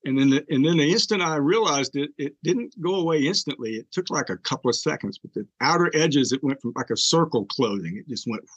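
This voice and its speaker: A man's voice: a little high, expressive, fairly quick, hardly any pauses, slightly rough, dry recording, highs cut off. An older man, a podcast guest, earnestly telling an emotional personal story with fillers and restarts.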